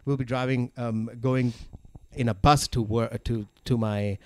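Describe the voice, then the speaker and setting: Smooth-voiced man from Pakistan, halting. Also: medium pitch, steady tone. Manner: halting, laughs often, many restarts. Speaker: guest comedian. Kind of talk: casual podcast chat.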